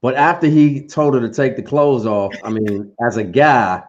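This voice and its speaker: A man's voice: mid-range voice, normal speed, muffled recording. A man co-hosting a casual chat show, teasing and insistent in a playful way. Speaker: co-host.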